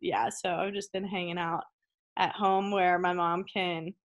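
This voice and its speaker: A woman's voice: on the low side, flat delivery, unhurried. A young woman, a college tennis player, chatting casually as an interview guest from home over a video call, filling her talk with "like" and laughing easily. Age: young adult.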